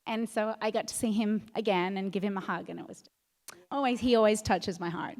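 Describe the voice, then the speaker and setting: A woman's voice: medium pitch, a little fast, darkish tone, a little hiss or hum. A woman speaking as a guest on a convention panel, bubbly and effusive. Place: convention hall stage.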